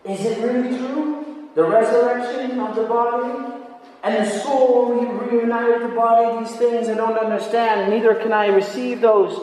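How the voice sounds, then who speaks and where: High-pitched guy preaching slow, far off the mic in a big echoey hall. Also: steady tone, darkish tone, a little hiss or hum. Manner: emphatic, asks rhetorical questions and repeats phrases. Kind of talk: sermon.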